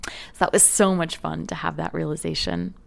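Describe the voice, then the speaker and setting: A woman coach telling personal stories in an earnest, reflective way, sometimes dropping into soft whispers. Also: low-pitched, steady tone, normal speed, gravelly. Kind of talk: reflective personal storytelling talk.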